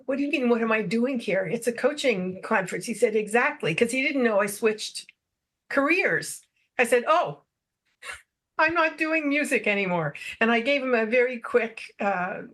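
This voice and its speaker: A middle-aged woman speaks at an ordinary, mid-range pitch as she tells personal stories to a podcast host. Her delivery is casual and animated, like someone recounting a favorite anecdote. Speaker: podcast guest. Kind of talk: casual storytelling.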